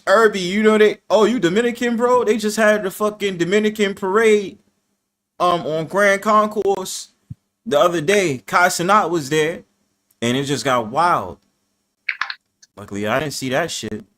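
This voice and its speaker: A rowdy man, his voice sitting a little high for a man. He leads a casual panel chat, laughing a lot, swearing freely and slipping into the voices of the people he quotes. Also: normal speed, a bit bright. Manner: boisterous, profane, laughs often, acts out quoted voices. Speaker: host of a live panel stream.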